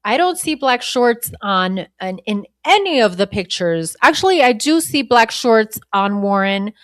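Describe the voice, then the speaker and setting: A woman's voice: on the high side, sing-song, a little slow, a bit bright, no room sound, studio quality. A woman hosting a podcast, giving blunt, profane and indignant commentary between clips. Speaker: podcast host. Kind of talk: live commentary over a played clip.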